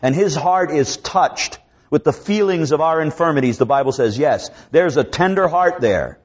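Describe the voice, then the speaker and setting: A man's voice: a little high, animated. Man preaching a sermon, lo-fi. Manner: preaching with dramatic rises and drops; slows down to draw out scripture quotes. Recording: dull lo-fi recording.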